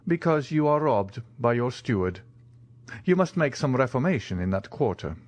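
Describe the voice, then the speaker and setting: A suave, commanding count, as a male narrator reads him, courteous and knowing, measured in his phrasing. The voice moves with lively intonation and sits dry and close in a storybook reading. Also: mid-range voice, no echo, lo-fi sound, natural voice.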